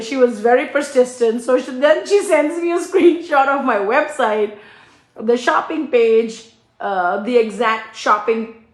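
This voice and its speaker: A woman's voice: on the high side, roomy sound. A middle-aged woman telling a story in a chatty cooking vlog, laughing often and mimicking voices. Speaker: cooking channel host and small shop owner.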